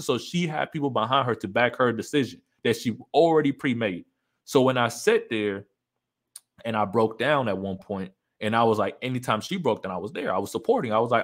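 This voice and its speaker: A man's voice: mid-range voice, a little fast. A man speaking candidly to his listeners about a painful breakup, emphatic and repeating his key points. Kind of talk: personal storytelling to an audience.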